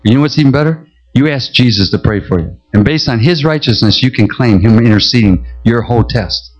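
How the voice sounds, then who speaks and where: A middle-aged male pastor preaching a sermon, telling a story with animated, emotional pleading. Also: mid-range voice, a little fast, dull audio, soft background music.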